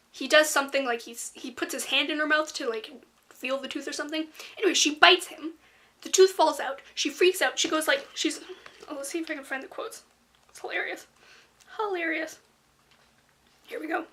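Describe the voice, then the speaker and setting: A woman rambles through a casual book review in her vlog, full of fillers and little whispered asides. Her voice is high and bright. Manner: chatty and rambling, many fillers, drops into soft whispery asides.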